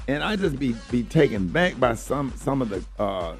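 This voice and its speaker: Animated male radio host. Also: mid-range voice, normal speed, faint music behind. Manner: animated, laughing, teasing. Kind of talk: casual radio banter.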